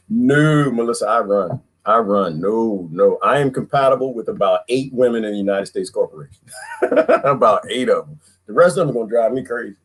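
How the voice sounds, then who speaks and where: Husky man ranting with lively swings. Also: medium pitch, brisk. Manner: laughs often, slips into mocking voices; drawling casual speech, repeats himself. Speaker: livestream host. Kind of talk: casual comedic rant to viewers.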